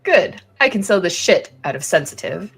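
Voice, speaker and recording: Woman gamer, lively intonation, giggly and playful, soft music behind. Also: on the low side, moderate pace, creaky, slightly rough. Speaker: video game player. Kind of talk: casual gaming chat.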